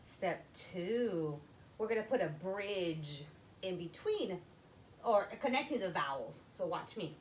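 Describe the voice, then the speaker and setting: Expressive woman teaching young children. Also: fairly low pitch, a little hiss or hum, low-quality recording. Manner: slow, step-by-step, addressing children. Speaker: literacy teacher. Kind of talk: classroom phonics lesson.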